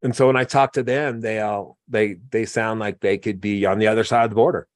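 A man's voice: lowish voice, steady tone, a little fast, dry recording, clean studio sound. A man from Oregon hosting a podcast, talking casually in a rambling way and mimicking other people's voices as he tells stories. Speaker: podcast host. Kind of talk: casual conversational interview.

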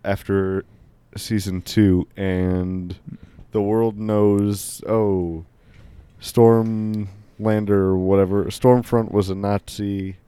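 Slow, low-voiced man chatting casually. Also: level tone, warm tone, smooth, dry recording. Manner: rambling, filler-heavy. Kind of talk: casual chat.

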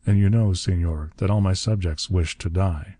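A man voicing a frail old male tyrant who speaks mildly and benignly with quiet menace. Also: low-pitched, moderate pace, dry recording. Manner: mild, benign, chuckling menace. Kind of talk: audiobook narration.

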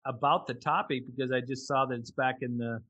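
A man hosting an interview, asking questions quickly with small stumbles and repeats. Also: medium pitch, fairly even intonation, fairly bright tone, dull audio. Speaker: interview host.

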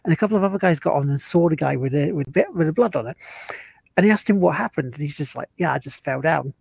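A man's voice: on the high side, lively intonation, fast talker, gravelly, a little mellow, slightly rough, no echo. A man, co-hosting a gaming stream and telling a rambling story. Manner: rambling, laughs at own stories. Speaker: co-host. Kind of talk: casual chat, storytelling.

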